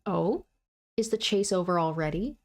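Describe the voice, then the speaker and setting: A woman's voice: fairly low pitch, expressive, moderate pace. A woman voicing a cheerful, teasing young woman in white, lifting her voice into a light, playful and pleased tone as she reads a visual novel aloud.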